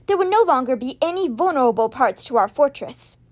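A woman voicing a cold, sneering young male high priest who talks down to his brother. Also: lively intonation, brisk, slight background noise. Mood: scornful. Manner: sneering and cool.

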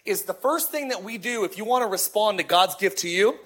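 A middle-aged man, a lead pastor, preaching a sermon in a lively, conversational way with repeated phrases. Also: sits high, fairly quick, husky.

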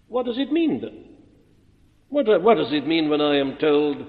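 A man preaching an expository sermon, emphatic and deliberate, posing rhetorical questions and answering them. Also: a little high. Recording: muffled old recording in a reverberant hall.

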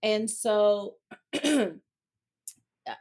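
An outspoken, expressive woman talks candidly as an interview guest, swearing casually as she goes. Her voice sits at a medium pitch. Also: extremely slow.

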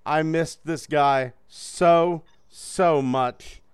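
A man's voice: fairly high pitch, very slow, smooth, no room sound, clean studio sound. A man hosting a casual podcast, joking, swearing and laughing often. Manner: profane, joking, laughs a lot. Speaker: host.

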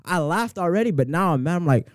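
Animated male storyteller, lively high-ish voice, dry close sound. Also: fast, no room sound. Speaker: storyteller in group chat. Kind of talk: casual chat.

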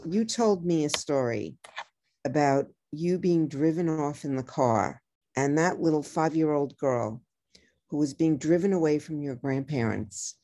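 A woman psychotherapist giving advice as a podcast guest, reflective and repeating key phrases slowly like a mantra. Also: low voice, mellow.

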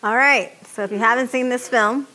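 A woman's voice: fairly high pitch, moderate pace, pushed and bright, slight background noise. Woman running a workshop, chatty, throws out lots of questions to the room. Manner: conversational, asks rhetorical questions. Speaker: workshop facilitator. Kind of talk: lecture to an audience.

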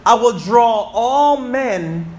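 A man in his thirties preaching a sermon in church, reading scripture slowly and calling out to the congregation. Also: very high-pitched. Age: 30s. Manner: animated, reads scripture slowly and calls out to the congregation.

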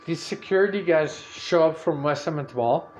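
A man hosting a podcast, telling a story in a loud, profane, animated rant and acting out what people said. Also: on the high side, normal speed, a little hiss or hum. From Canada. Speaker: podcast host.

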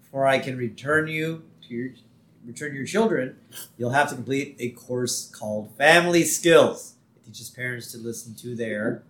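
A man's voice: mid-range voice, moderate pace, fairly bright tone, close to an everyday voice. A man voicing a stern, formal middle-aged female cartoon judge in his own voice. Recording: echoey room.

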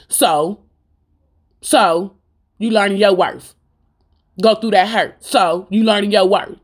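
A woman's voice: medium pitch, slow pace, long pauses, husky. Fervent woman preaching an informal sermon. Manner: fervent, preachy, rhythmic and repetitive; addresses listeners directly with rhetorical questions. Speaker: Christian speaker.

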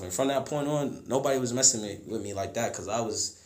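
A man's voice: brisk, reverberant. Slangy young man telling a story. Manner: animated, slangy, acts out quotes in a much higher louder voice. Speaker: podcast guest telling a story. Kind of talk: casual storytelling chat.

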